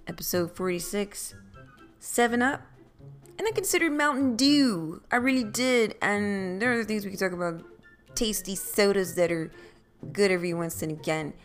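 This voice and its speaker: A woman from Philadelphia hosting her own podcast, rambling casually, playfully repeating phrases, her voice a little scratchy at times. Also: medium pitch. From Philadelphia, USA. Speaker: podcast host. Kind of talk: casual solo podcast monologue.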